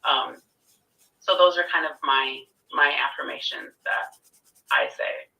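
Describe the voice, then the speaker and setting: A woman's voice: rumbling low, wildly swooping pitch, measured pace, gravelly, sharp tone, far from the mic, low-quality recording. A woman who gives spiritual readings, chatting casually and sprinkling her speech with "like". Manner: filler-heavy, lots of "like". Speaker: spiritual reader. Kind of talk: casual chat.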